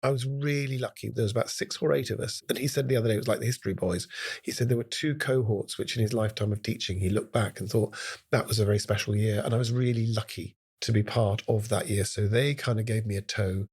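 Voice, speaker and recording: A man in his sixties from Scotland, telling lively anecdotes as a guest in a conversational interview. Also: fairly low pitch, slightly rough. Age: 60s. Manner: animated anecdotes, drifting into quick bursts. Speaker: guest, impressionist. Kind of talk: relaxed storytelling interview chat.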